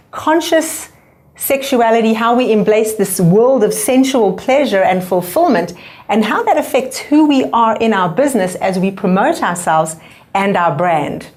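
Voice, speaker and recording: A woman's voice: a little high, lively intonation, measured pace, darkish tone. A woman hosting an interview, enthusiastic, summing up her guest's points. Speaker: interview host. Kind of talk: conversational interview.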